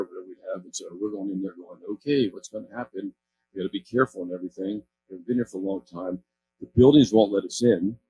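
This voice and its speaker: On an event stage, a Californian man in his sixties tells stories about community work, rambling, correcting himself, and chuckling along the way. His voice sits on the low side, and there's noise in the background.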